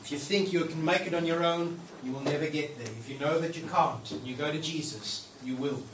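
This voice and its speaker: The pastor's voice sits on the high side and moves briskly as he preaches in a church hall. Casual and playful, he performs the prayers he quotes, and the recording catches echo, faint noise, and a mic placed at a distance.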